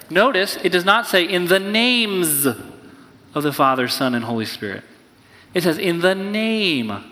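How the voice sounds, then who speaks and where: A man preaching a sermon as pastor, energetic and playful, sometimes acting out excited voices. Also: high-pitched, big-room sound.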